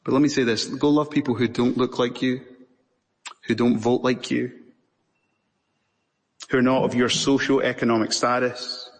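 A man with a Scottish accent preaching an impassioned sermon, with long pauses between phrases. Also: mid-range voice, steady tone. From Scotland. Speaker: pastor. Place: church sanctuary. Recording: reverberant church hall.

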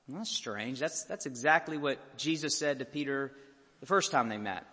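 A man preaching a sermon as a pastor, impassioned and building to loud peaks. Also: medium pitch, measured pace. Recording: long hall reverb.

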